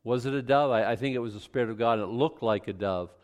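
A man's voice: mid-range voice, quick pace, darkish tone. A man giving informal verse-by-verse Bible teaching in a conversational way, often restarting and adding asides. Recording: long hall reverb.

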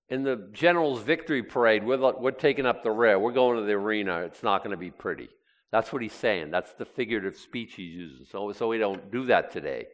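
A man's voice: on the low side, fairly bright tone. A man preaching a sermon, reading scripture aloud with sarcastic asides. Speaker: pastor.

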